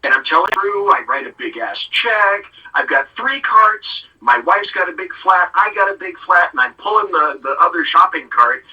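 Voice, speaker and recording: A man's voice: high voice, expressive, moderate pace, hardly any pauses, breathy edge, far from the mic, lo-fi sound. A middle-aged man hosting a casual talk show, rambling through stories and acting out what people said. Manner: rambling storyteller who acts out quotes. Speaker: show host.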